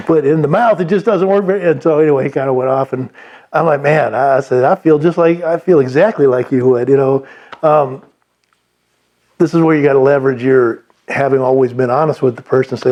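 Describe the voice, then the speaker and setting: Mellow-voiced man giving rambling sales advice. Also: mid-range voice, a little fast, highs cut off. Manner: rambling, many restarts and fillers. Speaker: sales trainer. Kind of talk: unscripted sales advice talk.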